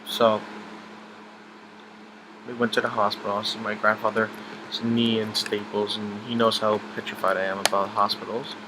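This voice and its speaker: With background noise behind him, a young man speaks in a lowish voice about his grandfather. The story comes out emotional and halting, full of false starts and filler words.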